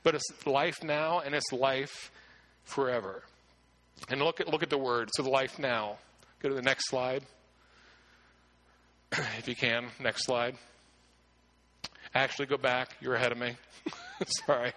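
A man's voice: mid-range voice, fairly even intonation, a little slow, pauses often, bright, forceful tone. A man preaching a sermon as pastor, earnest and emphatic, often restarting his words.

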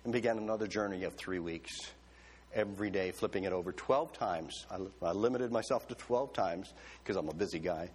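Husky-voiced preacher telling a funny story. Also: male voice, deep voice, a little fast. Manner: humorous, animated storytelling with excited self-quotes. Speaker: pastor. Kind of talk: sermon.

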